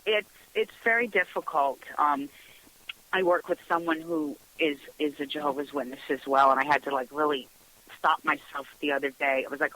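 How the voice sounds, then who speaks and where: A woman's voice: low-pitched, brisk, bright, forceful tone, poor audio. A middle-aged woman hosting a radio talk show, chatting casually, laughing often and acting out quoted dialogue. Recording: radio broadcast sound.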